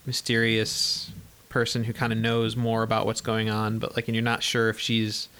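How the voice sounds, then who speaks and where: A man's voice: lowish voice, monotone, normal speed, sharp tone, clear, resonant tone. A man co-hosting a podcast, talking through films in a rambling way with lots of fillers. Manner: rambling, filler-heavy, laughs often. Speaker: podcast co-host. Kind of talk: casual film discussion.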